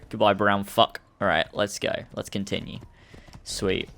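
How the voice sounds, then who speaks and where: A man's voice: fairly low pitch, a little slow, vocal fry, a bit bright. A young man hosting a let's play, rambling through casual gameplay commentary and swearing often.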